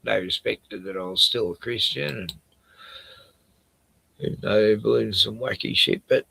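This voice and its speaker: A gravelly, husky Australian man talking slowly and loosely. He rambles and trails off as he hunts for something online, his low voice bright and edgy on top. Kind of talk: casual chat while searching online.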